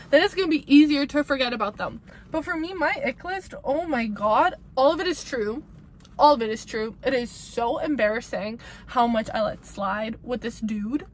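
A young woman with a high, bright-pitched voice vents in a casual advice monologue, blunt and profane. She hammers her points home by repeating them. A faint hiss of noise sits under her voice. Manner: blunt, emphatic and profane, ranting with repetition. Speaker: vlogger giving breakup advice.

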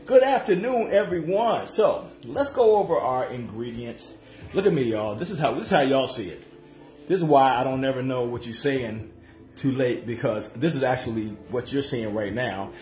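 A man with a medium-pitched, slightly mellow voice and lively intonation hosts a casual home-kitchen cooking livestream. He jokes, chats, and goes on long playful asides to viewers, while music plays behind him in the echoey room.

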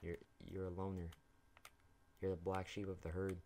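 A young man with a lowish voice rambles through his gameplay, swearing freely and chatting at the characters on screen. He talks into a desk mic at home. Faint hiss and keyboard clicks sit behind him. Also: completely flat delivery, normal speed, darkish tone. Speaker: gaming YouTuber. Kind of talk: casual gameplay commentary.

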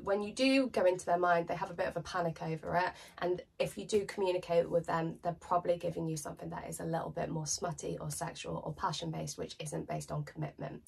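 A British woman with a cold reads tarot cards in a loose, chatty, slangy way. Her low voice is gravelly and husky. She sits a little back from the microphone. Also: far from the mic. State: has a cold. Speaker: tarot reader. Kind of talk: casual tarot card reading to camera.

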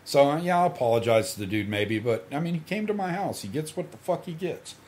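A middle-aged man with a swaggering, profane storytelling manner, laughing through his own tales. His pitch swings widely as he plays out both sides of a quarrel, and he keeps the chat loose and casual. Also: expressive, brisk, darkish tone. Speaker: podcast guest storyteller.

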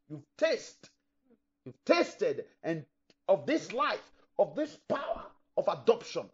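Voicing the objections of imaginary listeners as he goes, a middle-aged male pastor delivers a forceful sermon. He pitches a bit high for a man, his tone darkish and breathy, captured on a dull, lo-fi recording.

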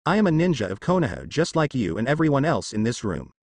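A man's voice: mid-range voice, very animated, fast talker, creaky, darkish tone, no room sound. A man reading the part of a cold, menacing teenage ninja boy with vampire powers, in a cool and threatening way.

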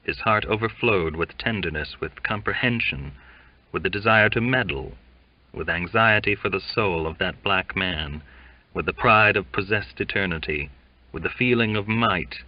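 A man narrating a classic novel in an audiobook, reading in a measured, deliberate way. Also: low voice, no room sound. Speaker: audiobook reader. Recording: dull lo-fi dry recording.

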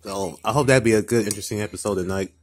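A tired, upset man talking casually to camera in a vlog, halting and repetitive, often restarting his sentences. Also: lowish voice. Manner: upset, ranting tone. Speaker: vlogger. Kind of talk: casual mukbang vlog talk.

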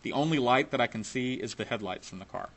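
A man's voice: medium pitch, fast talker, fairly bright tone. A man telling a personal story in a casual, profane way, laughing now and then.

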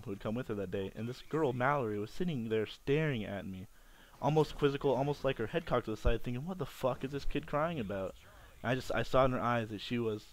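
Young man telling a rambling personal story. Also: mid-range voice. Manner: rambling, repeats and restarts phrases; candid and self-mocking. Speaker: vlogger.

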